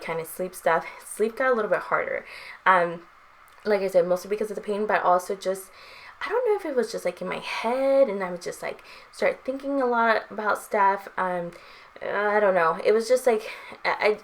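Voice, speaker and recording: Young female vlogger, lower pitch, loose conversational delivery full of fillers and small laughs. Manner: chatty, frequent "um" and "like", light laughs. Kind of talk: casual chat.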